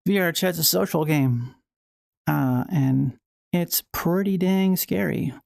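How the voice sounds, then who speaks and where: A woman's voice: fairly low pitch, slow, vocal fry, darkish tone, no room sound, studio quality. A woman hosting a casual livestream at home while playing VR, rambling and playful with frequent restarts. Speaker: livestream host.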